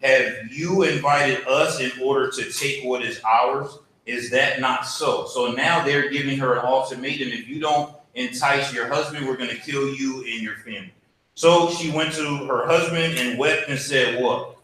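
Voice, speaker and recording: A man's voice: mid-range voice, fairly even intonation, moderate pace, bright, forceful tone. A man teaching a church Bible class in a casual, conversational way, often asking the class questions. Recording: very echoey room, faint hum.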